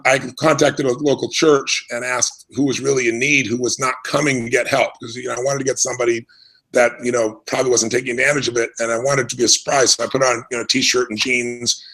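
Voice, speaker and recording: An earnest middle-aged man from the United States, recounting his past at an unhurried, reflective pace. His voice is gravelly with a husky edge, and he often restarts his sentences as he speaks. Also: mid-range voice, fairly even intonation, a bit bright, poor audio. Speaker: interview guest. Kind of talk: conversational storytelling.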